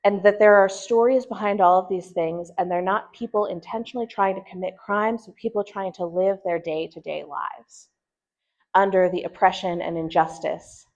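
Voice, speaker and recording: A woman presenting to a church group, speaking earnestly and thoughtfully, with pauses and restarts as she reflects. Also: lowish voice, steady tone, a little mellow. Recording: dull lo-fi recording.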